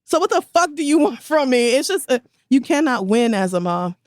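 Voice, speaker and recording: A woman's voice: sits high, sing-song, darkish tone, dry recording, studio quality. Blunt, profane woman podcast host. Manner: blunt, profane, quick to laugh. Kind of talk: casual podcast chat.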